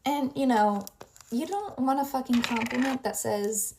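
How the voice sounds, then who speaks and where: A woman's voice: high-pitched, a little slow, noisy background. A young adult woman casually telling a story while getting ready, rambling and packing her talk with "like" fillers.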